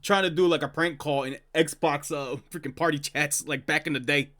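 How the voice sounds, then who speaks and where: A man's voice: fairly high pitch, steady tone, normal speed, sharp tone. A man streaming, reacting to old prank calls with casual, laid-back commentary and chatty asides.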